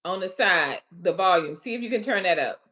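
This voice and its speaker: A woman hosting a casual livestream, chatting straight to her viewers with folksy asides and haltingly reading out health facts between comments. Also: fairly low pitch, expressive, fairly bright tone. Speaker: livestream host.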